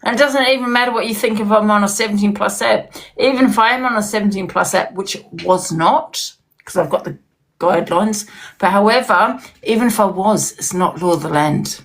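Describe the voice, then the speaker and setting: Speaking fairly quickly in a medium-pitched voice, a woman guest in a live-stream interview chats casually. She gets heated and emphatic and keeps repeating herself.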